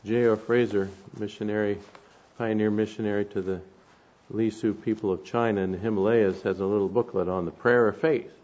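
A man preaches an expository sermon conversationally, often checking in with listeners by asking the room "right?" and reading scripture aloud with mounting force. His voice is on the low side, steady and fairly quick, with a darkish tone. The recording is lo-fi.

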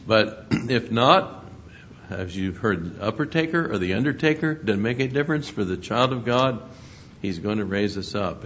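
A man preaching a sermon, reading scripture aloud and stressing words with emphatic rises. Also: fairly bright tone. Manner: reads scripture aloud with emphatic rises, chuckles between points. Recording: muffled lo-fi recording with faint rumble.

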